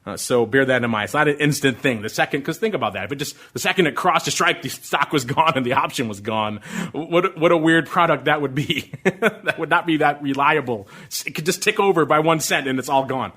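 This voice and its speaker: A middle-aged man hosting a podcast, answering listener questions about options trading in an excitable, ramped-up way. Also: on the high side. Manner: excitable, fast, ramped-up delivery. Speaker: podcast host.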